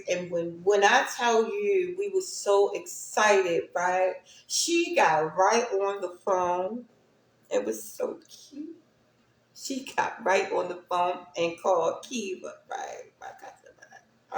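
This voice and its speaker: A woman casually telling a personal story to her viewers, chatty and often checking in with "right?". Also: mid-range voice. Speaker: speaker sharing personal stories. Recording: roomy echo.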